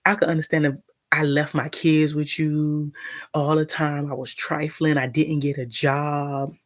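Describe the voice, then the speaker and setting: Gravelly-voiced mom ranting on a live vlog. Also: female voice, deep voice. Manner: rambling, indignant, lots of restarts; eating while talking. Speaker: live-stream vlogger. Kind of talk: casual storytelling. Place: at home.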